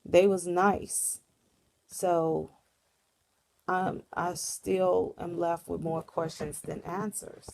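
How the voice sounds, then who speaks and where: A woman's voice: on the low side, level tone, very slow, creaky, a little mellow, a little hiss or hum. A woman vlogger casually recounting a dream in a rambling, earnest storytelling way.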